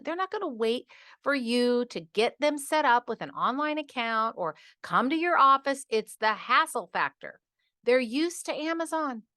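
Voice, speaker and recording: A middle-aged woman hosting a podcast, ranting in an animated, exasperated way and acting out patients in quoted asides. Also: sits high, no echo, studio quality. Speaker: podcast host. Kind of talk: casual podcast monologue.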